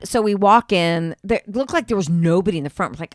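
A woman's voice: medium pitch, fast talker, few pauses, dry recording, clean studio sound. A woman co-hosting a podcast, telling a story in casual chat and acting out what people said, with a lot of swearing. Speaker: podcast co-host.

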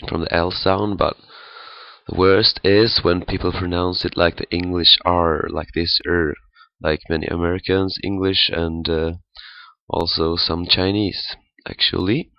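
Slow deep-voiced man teaching pronunciation. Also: creaky, dry recording, lo-fi sound. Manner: halting, many fillers, demonstrates sounds. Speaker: language teacher. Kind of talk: pronunciation lesson.

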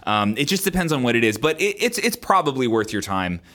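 A man co-hosting a casual podcast, explaining drum practice at length in a relaxed way and chuckling often. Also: medium pitch, brisk. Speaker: podcast co-host, drummer.

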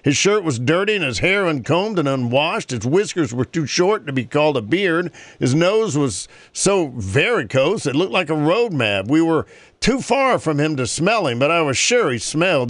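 A man's voice: on the high side, sing-song, normal speed, a bit bright, no room sound. A man hosting a talk show, reading a moving story aloud and then chatting earnestly about helping caregivers. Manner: earnest, conversational.

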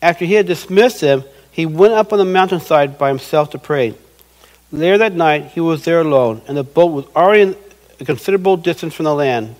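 A middle-aged male pastor delivers an earnest sermon in a high, light voice. He slips into little quoted voices to act out what people say, then comes back to plain teaching. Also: low-quality recording.

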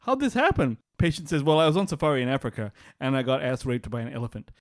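A man co-hosting a podcast, telling crude jokes in casual banter and laughing loudly and often. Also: medium pitch, expressive, fast, no room sound, clean studio sound. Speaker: podcast co-host.

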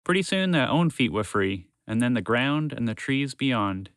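A man reading a children's story aloud in a lively way, switching into voices for the characters. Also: mid-range voice, moderate pace, clean tone, no room sound, clean studio sound.

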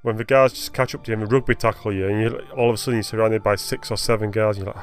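A man's voice: on the low side, fairly even intonation, very fast, soft background music. A man chatting casually about video games, rambling and correcting himself as he goes. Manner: rambling, self-correcting, laughs often.

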